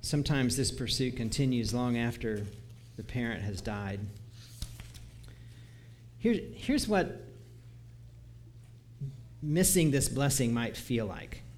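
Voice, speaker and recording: A man's voice: mid-range voice, animated, slow pace, long pauses, darkish tone, a little hiss or hum. A man preaching a conversational sermon, reading scripture aloud and chuckling at his own asides.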